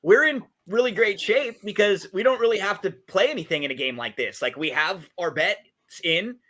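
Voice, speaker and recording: High-pitched and sharp, with lively intonation at a moderate pace, a male podcast co-host chats about betting. His talk on race and game picks is casual and full of fillers and restarts.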